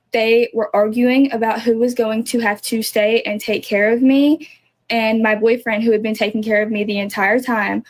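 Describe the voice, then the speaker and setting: A teenage girl recounting her own story in a measured, matter-of-fact way in a personal video clip. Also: a little high, poor audio.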